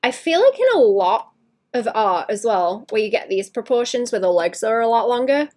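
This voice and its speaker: A woman streaming herself drawing, chatting casually in a rambling way that trails off and drops to a quiet murmur. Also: fairly high pitch, very animated, normal speed. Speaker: art streamer. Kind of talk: casual live-stream chat while drawing.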